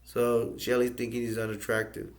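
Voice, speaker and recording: A man from the United States talks through a movie's story scene by scene. His pitch sits in the middle and barely moves, giving a flat, even delivery. He rambles and circles back as he goes. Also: moderate pace. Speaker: movie reviewer. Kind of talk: casual plot recap.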